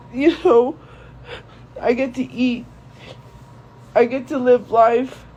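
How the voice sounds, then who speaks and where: A young woman streamer speaking to viewers in a tearful, halting way, grief-stricken and repeating herself. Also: high voice, warm tone, breathy edge, low-quality recording. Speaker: live streamer. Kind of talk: emotional monologue to viewers.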